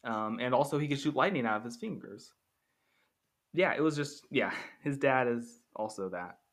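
A man's voice: medium pitch, lively intonation, normal speed. A young man casually comparing two films, rambling, correcting himself and tossing in jokey asides. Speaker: film reviewer. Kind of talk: casual spoken commentary.

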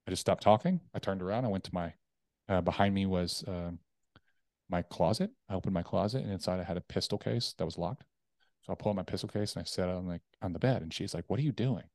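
Male guest, low voice, candid storyteller, dry close mic. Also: brisk, no echo. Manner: candid, animated retelling with acted quotes. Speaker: podcast guest. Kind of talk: personal storytelling.

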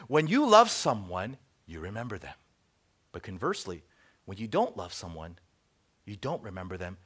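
A middle-aged man preaching a sermon as pastor, telling stories and acting out bits of dialogue, then dropping to quiet asides. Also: mid-range voice. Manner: animated storytelling, acts out dialogue, drops to soft asides.

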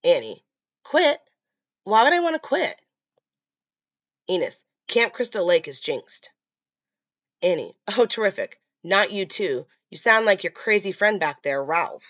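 A woman's voice: mid-range voice, sing-song, unhurried, pauses often, a bit bright, dry recording. A woman voicing a cheerful young female camp cook, breezy and upbeat, in a dull lo-fi recording.

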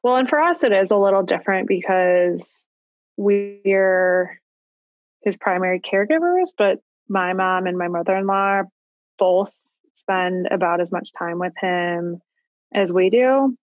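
A woman in her thirties, a parent talking about her family in a casual conversation, thoughtful and halting, with frequent restarts. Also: medium pitch, lively intonation, dry recording, narrow, tinny audio. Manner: reflective, halting with restarts and likes. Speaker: guest parent.

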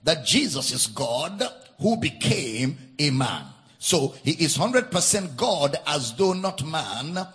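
A man's voice: medium pitch, a bit bright, slightly rough. A man preaching a sermon at a church camp meeting, stressing and repeating key phrases and spelling out words for note-takers. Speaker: pastor.

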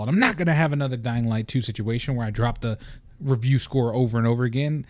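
Young man, podcast host, casual rant, animated and profane, dry close recording, middle pitch. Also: fairly quick, no room sound. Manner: animated, profane, venting with mock voices.

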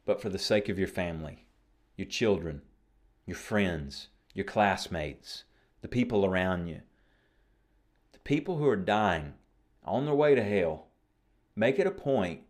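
A man hosting a faith podcast, preaching fervently and then chatting warmly and jokingly with listeners. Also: fairly low pitch.

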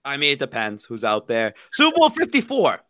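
A man's voice: mid-range voice, huge pitch swings, fairly quick, bright, forceful tone, no echo. A man co-hosting a casual podcast, talking in a brash, hyped-up way. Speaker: podcast co-host. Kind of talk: casual chat.

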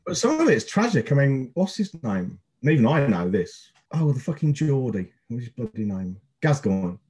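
A man's voice: medium pitch, sing-song, normal speed, a little mellow, slightly rough. A man in his fifties hosting a podcast, telling rambling, sweary stories in casual chat. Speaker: podcast host.

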